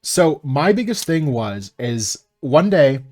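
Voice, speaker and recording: A man chatting casually on a live stream while he builds and paints miniatures, telling stories in a profane, animated way. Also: on the high side, a little slow.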